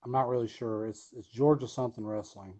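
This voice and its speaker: A man's voice: mid-range voice, steady tone, a little fast, mellow, rough recording. A man being interviewed, telling a long story casually with many fillers and restarts. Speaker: wrestler guest.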